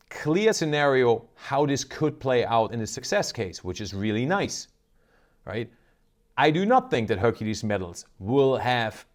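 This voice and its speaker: A man hosting an investment video, talking casually and emphatically, often tagging on rhetorical "right?" questions. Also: mid-range voice. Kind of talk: casual market commentary to camera.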